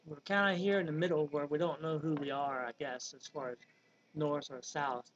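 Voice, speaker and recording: A man's voice: a little high, fairly even intonation, normal speed, a bit bright, a little hiss or hum. A man in his fifties from Virginia with a Southern accent, talking casually and wandering off topic with many ums. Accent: Southern American (Virginia). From Virginia, USA. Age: 50s. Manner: rambling, digressive, with many ums. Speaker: vlogger. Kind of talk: casual monologue. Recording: dull lo-fi recording.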